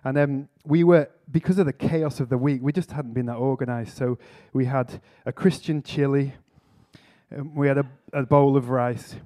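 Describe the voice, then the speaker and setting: Warm-voiced man preaching. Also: mid-range voice, fairly even intonation, normal speed. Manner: earnest with self-mocking humour. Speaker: speaker at a church conference. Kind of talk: storytelling sermon talk. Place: conference hall talk.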